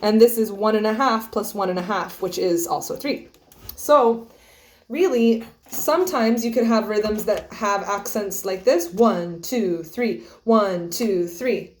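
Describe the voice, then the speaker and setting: A woman's voice: on the high side, a little mellow. A young woman teaching a string student about rhythm and bowing, patiently explaining and often checking in with "okay?".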